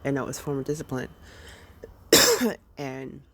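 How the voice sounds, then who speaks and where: A woman's voice: rumbling low, big pitch swings, a little slow, noisy background. A young adult woman, a mother, casually telling a personal story, hesitant with many fillers and restarts.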